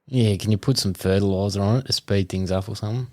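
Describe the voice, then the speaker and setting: An Australian man co-hosting a podcast, joking around and defending himself in a low mutter. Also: steady tone, fast, darkish tone, no room sound, studio quality. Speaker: podcast co-host. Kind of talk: casual banter.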